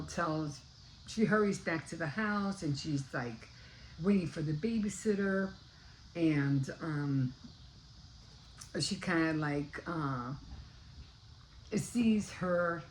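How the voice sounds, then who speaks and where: A woman's voice: on the low side, a little mellow, a little hiss or hum, rough recording. An older woman casually retelling a book's plot in a rambling way, often stopping to search for words. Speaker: book vlogger. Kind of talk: casual book recap.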